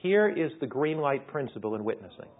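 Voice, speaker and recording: Husky pastor preaching over a tinny line. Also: male voice, mid-range voice, sing-song, fairly quick. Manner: earnest, conversational preaching, asks the audience questions. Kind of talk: sermon. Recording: tinny phone-like sound.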